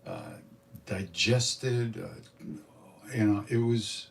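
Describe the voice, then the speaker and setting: An older man tells stories at a spiritual gathering in a low voice. He talks in an animated way and acts out what others said. The mic sits some distance from him. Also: very slow, vocal fry. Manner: animated storyteller, acts out quotes. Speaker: spiritual teacher telling stories. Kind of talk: storytelling satsang talk.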